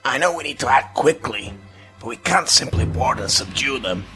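A man's voice: medium pitch, lively intonation, normal speed, over music, pitched above the performer's own voice, natural voice. A man doing a sarcastic alien pilot. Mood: urgent. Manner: sarcastic, muttering. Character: sarcastic male alien pilot, quick-witted.

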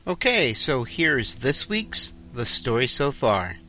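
A man's voice: medium pitch, big pitch swings, slow, noisy background. A man hosting a podcast and introducing the episode in an upbeat way. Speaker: podcast host.

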